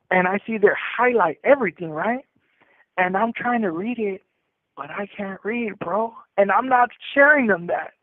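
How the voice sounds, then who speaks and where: A man tells a story in loose street slang, stumbling through restarts and fillers. His voice sits a bit high. It comes through a dry, tinny prison phone line. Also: no echo. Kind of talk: casual storytelling over a phone call.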